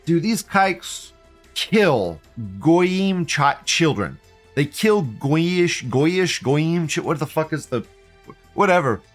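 Male live-stream host, slightly high voice, swears constantly and rants in an agitated way, with faint music behind him. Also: very animated, takes it slowly. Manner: profane, agitated ranting with repeated questions. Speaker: livestream host. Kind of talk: live-stream rant reading chat.

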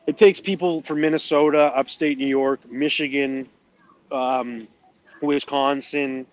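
A man from northern Maine talks casually as a podcast guest, easygoing and self-deprecating. His voice sits at a middle pitch, and the recording sounds a little dull. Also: steady tone, unhurried. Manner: chatty, self-deprecating, with frequent restarts. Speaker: cigar company guest. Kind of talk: casual interview chat.

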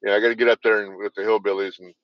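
A man's voice: lowish voice, level tone, very fast, no room sound. Man from California, profane, laid-back, dry, muffled. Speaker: podcast co-host. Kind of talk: casual comedic chat.

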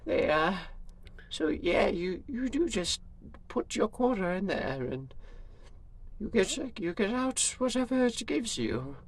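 A man's voice: high-pitched, very animated, full character voice. A man voicing a frail, winded old male retiree who halts and trails off. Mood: weary. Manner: halting, trailing off.

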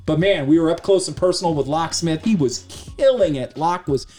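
A middle-aged man co-hosting a podcast, telling a story in a lively, casual way and cursing freely. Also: a little high, fairly quick, faint music behind. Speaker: podcast co-host.

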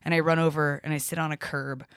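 A woman's voice: low voice, level tone, fast talker, a bit bright, clear, resonant tone, dry recording. A woman rambling through a personal story on a podcast, full of fillers and casual swearing. Her voice sits in an ordinary middle register. The studio sound is very dry and close. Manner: rambling, profane, lots of fillers. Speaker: podcast guest.

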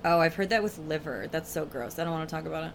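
A woman's voice: sits low, fast, a little hiss or hum. A woman co-hosting a podcast in casual chat, rambling through a plot summary with lots of "like" and "um". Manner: rambling, many fillers like "like" and "um". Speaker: podcast co-host.

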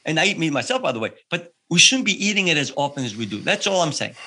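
Male health coach for an interview: lively rising-and-falling delivery, fairly high voice. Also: fast talker, slightly rough. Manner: animated, explains with examples. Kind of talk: podcast interview.

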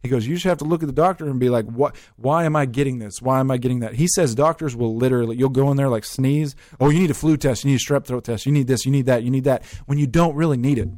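A man's voice: medium pitch, fast talker, hardly any pauses, a little mellow, dry recording, clean studio sound. A man hosting a podcast in casual chat, telling stories animatedly and swearing freely. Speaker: podcast host.

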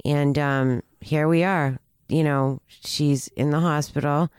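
A guest recounts her recovery story in conversation, earnest and halting, frequently restarting sentences. Her low-pitched voice is smooth, resonant and darkish, with fairly even intonation. The recording is dry and close, with no echo.

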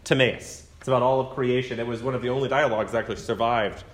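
A man's voice: mid-range voice, steady tone, fast talker, echoey room. A man preaching a conversational sermon to his congregation, telling a story and acting out the quoted voices. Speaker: pastor. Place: church sanctuary.

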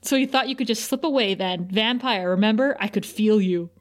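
A woman's voice: medium pitch, a little fast. A woman co-hosting a podcast, casually recapping TV scenes with quoted lines and frequent laughter. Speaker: podcast co-host.

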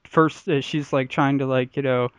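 A man's voice: medium pitch, steady tone, moderate pace, clear, resonant tone, no echo. A man hosting a podcast, telling a crude story in casual chat and laughing often as he goes. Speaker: podcast host.

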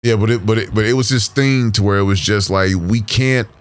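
Deep-voiced rambling man. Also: a little fast, smooth. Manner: rambling, full of fillers and profanity. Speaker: podcast guest. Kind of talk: casual podcast chat.

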